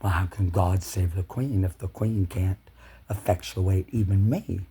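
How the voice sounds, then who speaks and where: A man delivering an angry, swearing monologue to camera, ranting with loud shouted bursts. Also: low voice, unhurried, husky. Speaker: video blogger.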